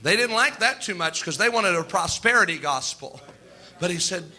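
A male preacher with a high voice and a very bright, sharp edge. He preaches with emphasis and acts out the quoted words of others in his own voice. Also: lively intonation, moderate pace, breathy edge. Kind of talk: sermon.

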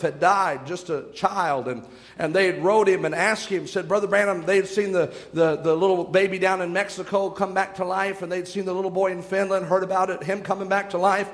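A man's voice: high-pitched, in a large hall. A young man preaching a sermon, retelling scripture stories with dramatic shifts in pace.

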